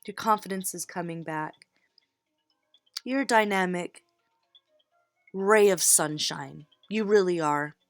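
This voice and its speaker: Soft-voiced woman giving tarot encouragement. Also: fairly low pitch, slow, long pauses, no room sound, faint music behind. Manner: warm encouraging pep talk, direct address. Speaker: tarot reader. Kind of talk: casual tarot reading to viewers.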